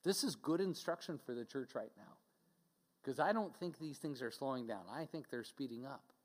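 A man's voice: mid-range voice, expressive, moderate pace. A man preaching a sermon as pastor, earnest and direct, speaking conversationally and now and then mocking a scoffer. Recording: long hall reverb.

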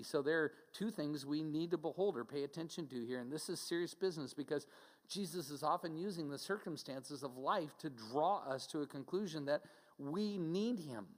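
A pastor delivers his sermon in an earnest, plain-spoken way, talking to his people as if across a table. His voice sits a little high for a man. The sound rings on with a long reverb from a big hall. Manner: earnest, direct, conversational preaching with mocking asides.

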